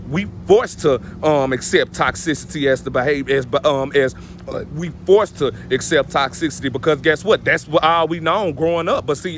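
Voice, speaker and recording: A man's voice: fairly high pitch, a bit bright, slight background noise. A man giving casual motivational advice, emphatic and preachy, often repeating his stock phrases. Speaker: vlogger giving life advice.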